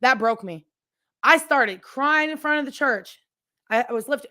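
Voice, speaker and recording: A woman with a slightly higher voice hosts her own podcast and tells a personal story. She talks candidly and chattily, speaks right to her listeners, restarts her sentences and drifts into asides before coming back to the point. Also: normal speed, bright, forceful tone. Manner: rambling with frequent restarts and asides. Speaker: podcast host. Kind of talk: personal storytelling, casual chat.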